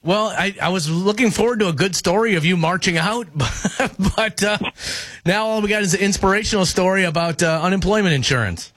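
A man's voice: high-pitched, fairly quick, a bit bright, no room sound. A man hosting a casual morning radio show, chatting and chuckling with a caller on the phone in a teasing, chatty way. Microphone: studio microphone.

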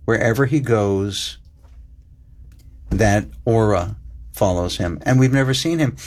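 A man's voice: on the low side, darkish tone. Earnest older man, reflective guest. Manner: earnest, builds lists, slows for emphasis. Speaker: interview guest, writer. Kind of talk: reflective interview talk.

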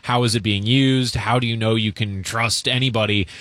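A man co-hosting a radio show, explaining in a measured way with frequent hesitations. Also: on the low side, fairly even intonation, a bit bright, no echo. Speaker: radio co-host. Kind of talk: casual radio chat. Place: radio studio. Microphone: studio mic.

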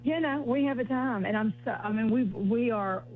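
Faint music sits behind a woman with a Southern US accent whose voice runs on the high side at a normal speed. She's a comedian guesting by phone, chatting in a bubbly, folksy manner over a tinny connection.

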